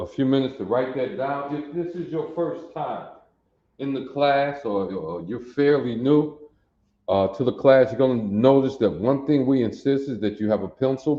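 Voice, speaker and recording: A man teaching a language class, sounding out letters and repeating them slowly for students to copy. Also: medium pitch. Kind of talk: classroom lesson, drilling sounds. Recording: roomy, dull lo-fi recording.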